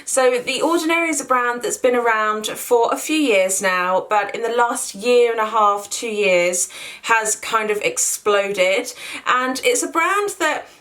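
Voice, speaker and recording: A woman's voice: on the high side, unhurried, fairly bright tone. Chatty woman reviewing skincare. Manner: chatty, enthusiastic, filler-heavy. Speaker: beauty vlogger. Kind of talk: casual skincare review to camera.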